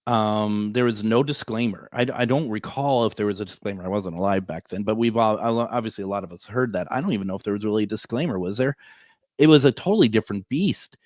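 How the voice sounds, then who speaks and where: A man's voice: fairly low pitch, quick pace, darkish tone, no echo, studio quality. Rambling male radio host telling a story. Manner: rambling, self-correcting, chuckling. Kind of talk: casual storytelling to listeners. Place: radio studio.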